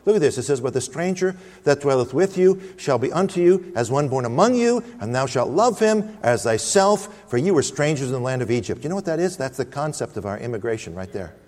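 A man's voice: medium pitch, animated, fairly quick, few pauses, a little mellow, long reverb tail. A man preaching a sermon, emphatic and storytelling, calling out to the congregation. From United States. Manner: emphatic, storytelling, calls out Amen.

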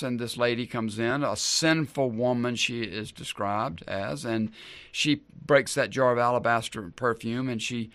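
A man's voice: medium pitch, a bit bright, no echo. A man preaching a sermon as a pastor in an easygoing, conversational way, repeating key lines for emphasis.

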